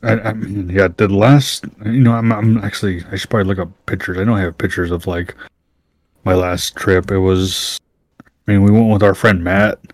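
A man in a casual chat, slowly trying to recall things, pausing and hedging as he talks. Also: low-pitched, fairly even intonation, no room sound. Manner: slow, searching for memories, hesitant.

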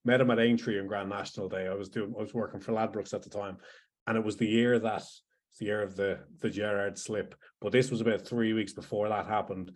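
A man co-hosting a sports podcast rattles off a chatty anecdote at a brisk clip. His voice sits low and relaxed in casual talk. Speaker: podcast co-host.

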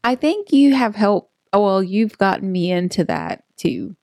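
A woman co-hosting a podcast, telling a story in a lively way with frequent laughter and acted-out quotes. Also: medium pitch, a little slow, no room sound, clean studio sound. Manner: animated, laughing, acts out quotes. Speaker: podcast co-host. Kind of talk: casual storytelling chat.

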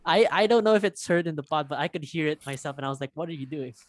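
A man's voice: a little high, racing, no echo. A man from the Philippines, co-hosting a podcast in casual chat, rambling with lots of fillers and restarts. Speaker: podcast co-host.

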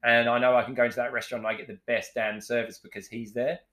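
A man in his forties speaks with raw frankness as a podcast guest and swears freely. His voice sits at an ordinary middle pitch. He slips into quick acted snippets of past conversations as he tells his story. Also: flat delivery, a bit bright. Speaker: podcast guest, executive chef.

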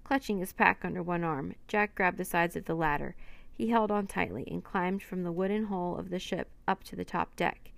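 A woman reading a children's adventure chapter book aloud, in steady narration with light character voices. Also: on the low side, moderate pace, gravelly, no echo. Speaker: storyteller.

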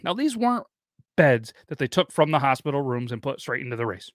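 A man's voice: mid-range voice, very animated, fairly quick, no room sound, clean studio sound. A man in his thirties hosting a podcast, reading a listener's story aloud and rambling off into chatty asides. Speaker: podcast host.

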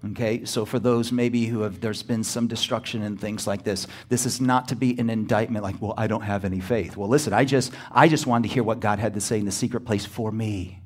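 A man's voice: on the low side, steady tone, fairly quick, hardly any pauses. Emphatic preaching pastor, male. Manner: emphatic, rising to near-shouting exclamations; calls out to the congregation for response. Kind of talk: sermon.

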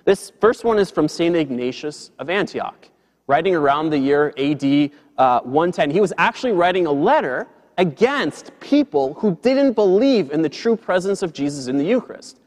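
A man's voice: on the high side, animated, moderate pace, darkish tone, big-room sound. A man, a priest, giving an emphatic, conversational sermon. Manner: emphatic, conversational preaching with light laughs.

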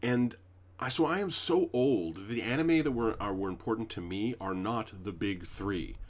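A man's voice: on the low side, moderate pace. A man co-hosting a podcast, talking casually, emphatic and heavy on swearing. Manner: profane, emphatic, with frequent fillers. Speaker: podcast co-host. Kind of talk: casual chat.

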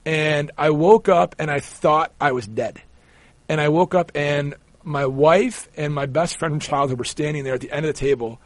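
Animated higher-voiced man telling stories. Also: normal speed, no room sound. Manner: animated, rambling with repeated restarts. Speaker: guest, sportswriter. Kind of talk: casual storytelling interview.

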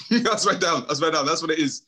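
A young man hosting a casual podcast chat, slangy and animated, telling stories with lots of laughter. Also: a little high, moderate pace, husky. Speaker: podcast host.

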